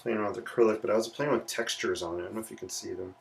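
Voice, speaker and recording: Man, low gravelly voice, relaxed playful art-stream host; slightly distant mic with faint noise. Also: rapid-fire. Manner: relaxed, chatty, playful asides. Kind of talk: casual live sketching stream.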